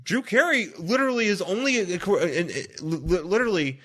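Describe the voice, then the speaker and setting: A man co-hosting a podcast in casual chat, animated, often acting out quotes in loud high voices. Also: fast. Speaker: podcast co-host.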